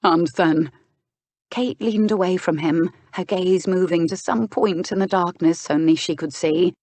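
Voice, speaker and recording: A woman narrating a historical romance audiobook in a measured, unhurried way, close to the mic. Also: fairly low pitch, warm tone, dry recording.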